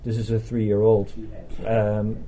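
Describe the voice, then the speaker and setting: A man's voice: on the low side, monotone, slow pace, warm tone, slight background noise, low-quality recording. A man speaking as a scientist guest in a casual conversation over a meal, hesitant and full of fillers and restarts. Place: busy restaurant.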